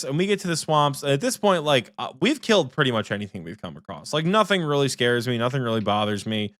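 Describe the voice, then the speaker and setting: A young man co-hosting a casual gaming podcast, telling lively stories, swearing freely and mimicking his friend. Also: medium pitch, fast talker, hardly any pauses, no room sound, studio quality. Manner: animated storytelling, swearing, mimics friends in quotes. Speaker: podcast co-host.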